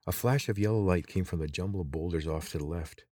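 A man reading an adventure story aloud in a steady, measured narration. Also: deep voice, no room sound, studio quality. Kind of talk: scripted audiobook narration.

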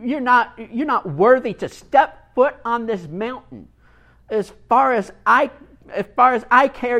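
A man voicing a stern old monk who scolds a warrior, loud and raised. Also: medium pitch, slightly rough, pitched below the performer's own voice, full character voice. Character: stern old male mountain monk, scornful.

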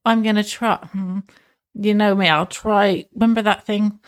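A woman chatting casually as a podcast co-host, her speech halting as she hunts for words and restarts her sentences. Her voice sits at an ordinary middle pitch. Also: steady tone, no room sound, studio quality. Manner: halting, searching for words with aphasia. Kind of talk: casual chat.

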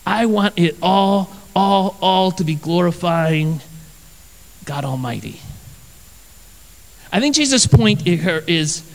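A man's voice: high-pitched, animated, slow pace, creaky, long pauses, long reverb tail, poor audio. A man, a pastor, preaching a sermon. He tells personal stories earnestly and with energy, and he repeats his phrases for emphasis.

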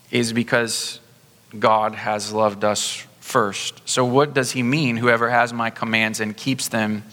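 A male pastor preaches a sermon in a warm, conversational way, slowing down when he wants a point to land. His voice is bright and forceful. The sound carries the long reverb of a large church sanctuary. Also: mid-range voice. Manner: conversational, slows down for emphasis.

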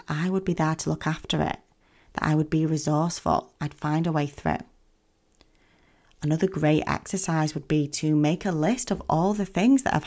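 A woman hosting a self-help podcast, talking in a gentle, soothing coaching manner. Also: deep voice, gravelly. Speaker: podcast host.

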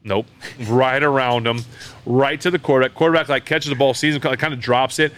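A man hosting a podcast recorded at a brewery, telling a story in casual chat, animated and full of fillers and restarts. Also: mid-range voice, brisk, clear, resonant tone. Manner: animated, acts out quoted voices, many fillers and restarts. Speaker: podcast host.

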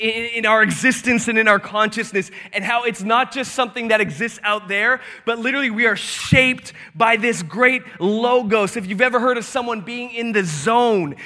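A man preaching a sermon in church, energetic and animated, breaking into shouts, and out of breath. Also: high-pitched. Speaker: pastor. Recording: echoey church hall.

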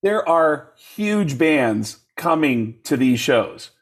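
A comedian being interviewed, telling stories in a casual, animated way. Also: male voice, on the high side, takes it slowly, husky. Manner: animated storyteller, jumps into voices when quoting people. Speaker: comedian guest.

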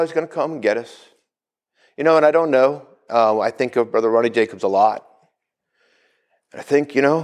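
A male pastor preaching a sermon, calling out to the congregation for responses. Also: mid-range voice.

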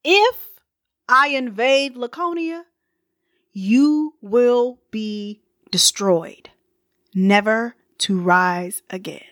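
A woman's voice: fairly high pitch, expressive, normal speed, sharp tone. A woman putting on a boastful, threatening ancient king. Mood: menacing boast. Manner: swaggering, menacing, slangy.

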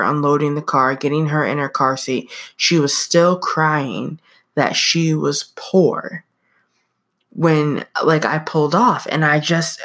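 A woman's voice: deep voice, a bit bright. A young adult woman hosting a podcast, telling a personal story in a chatty, casual way with plenty of fillers. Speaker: podcast host.

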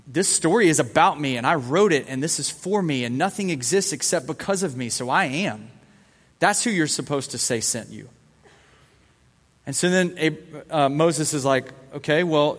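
Male preacher, fairly high voice, casual sermon style, long hall reverb. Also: a bit bright. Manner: casual, conversational preaching that acts out the dialogue.

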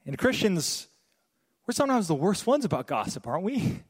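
A young pastor delivers a sermon in a high, husky, lively voice whose pitch swoops up and down. He cracks jokes and slips into quick asides in different voices. The long reverb of a church hall rings around him.

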